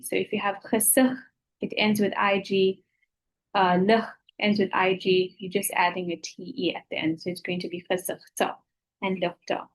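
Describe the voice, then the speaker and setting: A woman teaching a class who explains each rule step by step. She pauses to ask whether it is clear before she goes on. Her tone is patient and plain. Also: mid-range voice, poor audio. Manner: patient, repeats "okay?" to check understanding. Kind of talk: explaining grammar rules to students.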